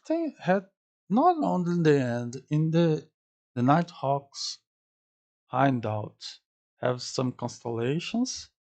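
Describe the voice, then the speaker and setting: Guy with english as a second language, slow and halting, keeps searching for words and repeating them. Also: mid-range voice, darkish tone. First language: not English. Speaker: anime reaction channel host. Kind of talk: casual theory-crafting reaction.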